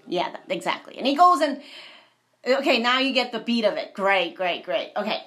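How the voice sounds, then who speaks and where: A woman with a bright, high-ish voice retells a movie in a rambling, animated way. Her pitch swings widely as she throws in sound effects and asides. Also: moderate pace.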